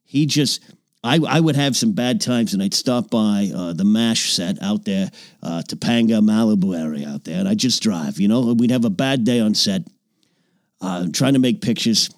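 A man in character as an aging, boastful old-Hollywood film producer who hosts a comedy podcast, rambling and name-dropping, sometimes dropping into low confidential mutters. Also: moderate pace, no room sound, clean studio sound, lightly acted. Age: older. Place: small home recording nook.

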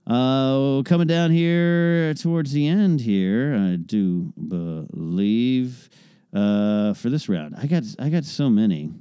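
A man's voice: mid-range voice, measured pace, few pauses, dark tone, clean tone, dry recording, studio quality. A man hosting a podcast, chatting casually through listener questions in a rambling, wry way that often breaks off and restarts. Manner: rambling, self-interrupting and wry. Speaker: podcast host.

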